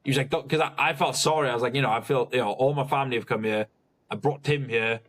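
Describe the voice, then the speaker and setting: A man, a podcast guest talking casually and haltingly about his bodybuilding result, with many restarts. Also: medium pitch, fairly even intonation, fairly bright tone.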